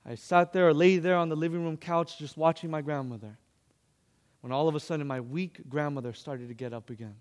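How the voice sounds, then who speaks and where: A man's voice: fairly high pitch, fairly even intonation, fairly quick, a little mellow, in a large hall. A male preacher telling a personal story in an emotional sermon, addressing the congregation.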